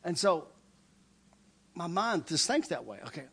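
A preacher giving a humorous testimony in a sermon, an animated storyteller who laughs often and acts out the voices of others. He speaks as a man. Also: on the high side, unhurried, breathy edge.

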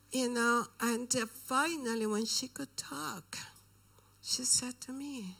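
A woman preaching and telling a personal story, often dropping into a whisper for emphasis. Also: a little high. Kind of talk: sermon storytelling.

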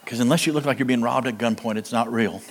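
Preacher guy doing funny storytelling, mid pitch, echoey church hall, faint hiss. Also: fast. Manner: animated storyteller, punchlines, acts out quotes. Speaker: preacher, guest speaker. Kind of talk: comedic sermon storytelling. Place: church hall, live audience.

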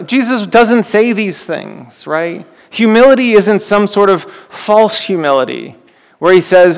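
Man, pastor, sermon, gravelly voice, slightly high pitch, long hall reverb. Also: lively intonation, a little slow. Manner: conversational, with frequent rhetorical questions and restarts.

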